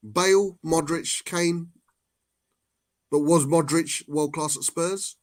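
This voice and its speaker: A man's voice: a little high, takes it slowly, dry recording. Laid-back man chatting football. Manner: relaxed, swears casually. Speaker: co-host of a fan show. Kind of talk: casual chat.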